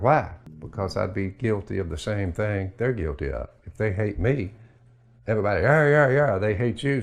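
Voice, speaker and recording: An older man with a Southern US accent giving a folksy sermon, drawling and acting out both sides of an imagined talk. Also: fairly low pitch. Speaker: preacher.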